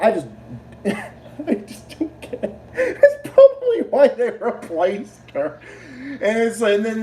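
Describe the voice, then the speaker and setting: A man hosting a casual livestream rant. He talks in a rambling, profane way, stumbling over repeated words. His voice sits a little high and has a mellow, dark tone over a faint hiss of background noise. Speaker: streamer.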